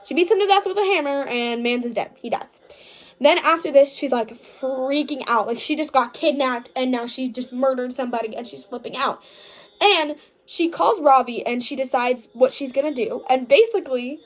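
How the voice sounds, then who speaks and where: Young woman, high voice, casual vlog book recap, chatty, gushing, filler-heavy, dramatic. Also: normal speed. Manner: dramatic mock outrage. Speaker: book vlogger.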